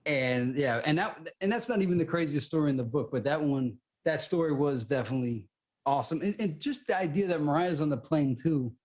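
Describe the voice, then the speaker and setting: A man co-hosting a podcast, telling a story in casual chat with lively restarts. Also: a little high, a little fast. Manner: animated storytelling, restarts often. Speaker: podcast co-host.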